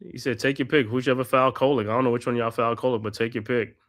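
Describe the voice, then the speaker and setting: A man's voice: mid-range voice, dry recording, studio quality. A man hosting a live watch-party podcast, doing casual play-by-play with slangy chat and laughs. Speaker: podcast host calling the game.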